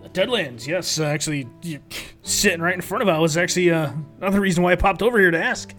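A man's voice: high-pitched, quick pace, a bit bright, faint music behind. Man playing a chatty friendly courier. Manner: rambling, hesitant, full of fillers. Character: chatty friendly male courier, middle-aged.

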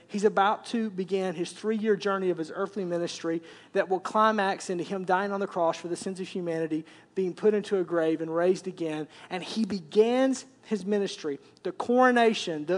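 A man, preaching a conversational sermon and repeating words as he builds up. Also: high voice. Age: 40s. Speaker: pastor.

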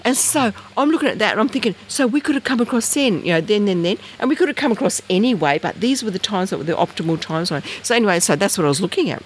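Animated Australian storyteller. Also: quick pace, few pauses, a little hiss or hum. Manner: animated, rambling, acts out dialogue with big pitch jumps. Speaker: interviewee, researcher. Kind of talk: casual storytelling.

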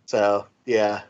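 A tipsy man rambles through a casual podcast talk, repeating words and tripping over his tongue. His pitch is middling. The sound is dull and lo-fi. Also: warm tone, clean tone. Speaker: podcast co-host, guest. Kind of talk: casual chat.

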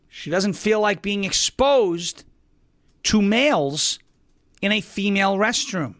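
Indignant high-voiced male commentator. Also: expressive, slow, fairly bright tone. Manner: indignant, emphatic ranting. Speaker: political commentary host. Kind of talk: opinion commentary.

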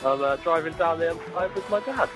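A man's voice: a little high, fairly quick, a bit bright, faint music behind, low-quality recording. A young man giving short casual answers about what he is doing, hesitant with fillers and laughs.

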